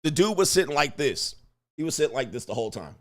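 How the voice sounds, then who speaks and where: A middle-aged man hosts a casual livestream, animatedly telling a story full of slang and laughter and reading viewer comments aloud. His voice is fairly high-pitched and fast.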